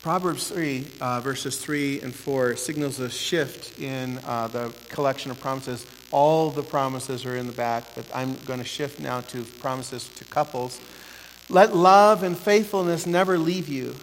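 A man preaching a sermon as pastor, building from steady teaching to impassioned, near-shouted pleading. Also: medium pitch, unhurried, hardly any pauses. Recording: echoey hall with faint hiss and hum.

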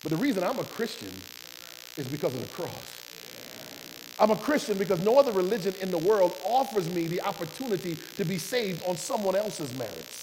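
A man preaching a sermon, telling a testimony with passion, his voice swinging from hushed to loud. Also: sits high, sing-song, a little fast. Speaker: preacher and doctor. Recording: long hall reverb with electrical hum and hiss.

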